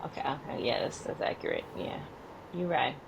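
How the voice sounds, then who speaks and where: A woman in her thirties co-hosting a podcast in casual chat, animated and expressive, laughing often as she tells stories. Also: a bass voice, brisk, creaky, noisy background. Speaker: podcast co-host.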